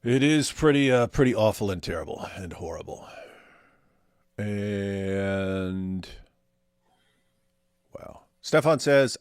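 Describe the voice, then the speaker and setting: A sardonic man chatting on a casual livestream and reading viewer comments aloud. His pitch swings widely, and the close mic keeps the sound dry and free of room echo. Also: animated, slow pace, pauses often, clear, resonant tone. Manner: sardonic, mock voices for quoted viewers. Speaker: co-host reading viewer chat.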